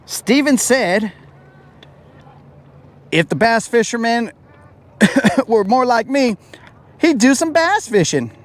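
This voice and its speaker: A man streaming live from a fishing boat on a lake, joking with his chat in a slangy way, his voice a bit raspy from talking. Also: very high voice, lively intonation, slow pace, pauses often. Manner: slangy, joking, talks to chat as bro and dog.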